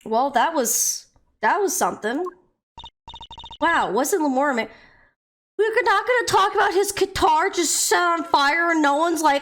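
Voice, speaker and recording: A woman's voice: very high-pitched, expressive, a little slow, fairly bright tone. A young woman streaming a game, chatting casually, laughing often and exclaiming as she acts out characters for a joke. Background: faint game music.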